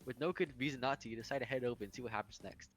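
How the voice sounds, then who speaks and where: A man's voice: medium pitch, rapid-fire, soft background music. A man playing through a dating game with a friend, reading its text aloud and joking about it, often laughing. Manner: laughs often, reads narration then jokes about it. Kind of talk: casual game playthrough, reading and riffing.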